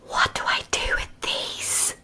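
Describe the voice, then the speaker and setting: A woman telling an improvised story in an airy whisper, with soft fillers along the way. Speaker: ASMR storyteller.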